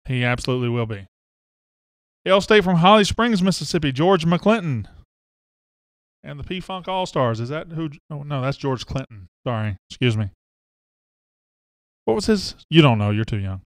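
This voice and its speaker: A man's voice: fairly high pitch, expressive, normal speed, long pauses, no room sound, studio quality. Chatty man hosting a sports stream. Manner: chatty, reads out viewer names and hometowns. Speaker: sports talk show host. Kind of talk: casual live-stream sports chat.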